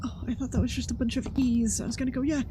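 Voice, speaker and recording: A woman's voice: a little high, little pitch movement, very fast, noisy background. A woman hosting a horror game playthrough, reacting nervously and talking to herself as she plays. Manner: jumpy, nervous, talks to herself. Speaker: gaming channel host.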